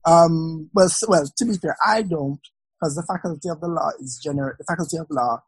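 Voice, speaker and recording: Husky woman, lively storyteller. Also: low voice, fairly quick, no echo, rough recording. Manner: animated storyteller, patois-tinged. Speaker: law student, co-host. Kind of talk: casual podcast chat.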